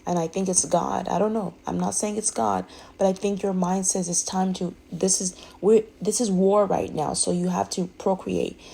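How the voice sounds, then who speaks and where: A woman's voice: medium pitch, flat delivery, normal speed, creaky, warm tone, breathy edge, poor audio. A woman speaking candidly in a rambling, emphatic way, often restarting her sentences. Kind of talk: candid personal monologue.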